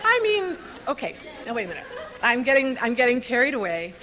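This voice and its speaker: An older woman speaking at a recovery convention before a live audience, an animated, playful storyteller who laughs often. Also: on the high side, quick pace, crowd noise, background noise. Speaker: Al-Anon speaker.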